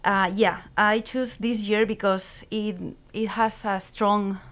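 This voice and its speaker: A woman's voice: mid-range voice, level tone, slow, fairly bright tone. Spanish-accented woman guest in a studio. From Spain. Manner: searching for English words, laughs easily. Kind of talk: casual radio interview. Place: radio studio.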